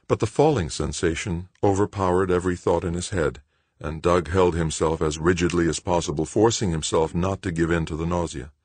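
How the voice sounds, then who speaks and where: A man reading a novel aloud in steady, measured audiobook narration. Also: deep voice, no echo.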